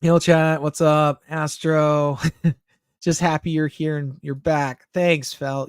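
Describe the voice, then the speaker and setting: A man's voice: a little high, measured pace, long pauses, dry recording. Candid, swearing young man streaming. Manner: candid, swears often, reads chat messages aloud and answers. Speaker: streamer reading live chat. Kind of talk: casual live-stream chat.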